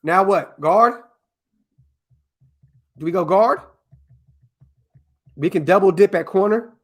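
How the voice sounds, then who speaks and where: Male podcast host, slightly high voice, excitable and profane, casual live-stream chat with viewers. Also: slow. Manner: excitable, profane, talks straight to his chat. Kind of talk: casual live-stream mock draft commentary.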